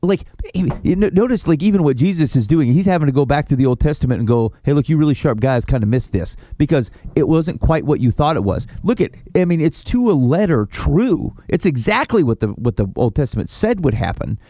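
Man, podcast co-host, mellow, lively pitch, reflective, dry mic. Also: no room sound. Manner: reflective, halting restarts. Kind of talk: casual chat about faith.

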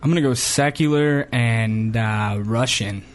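A man's voice: medium pitch, unhurried, slight background noise. A man on a quiz panel, giving short, dry guesses. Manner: brief, dry answers. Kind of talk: casual quiz banter.

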